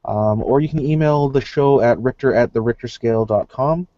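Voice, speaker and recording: A man hosting a gaming podcast, wrapping up the show in a relaxed way with lots of ums and uhs. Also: mid-range voice, moderate pace, no echo, lo-fi sound. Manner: relaxed, filler-heavy sign-off. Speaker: podcast host. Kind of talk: casual chat.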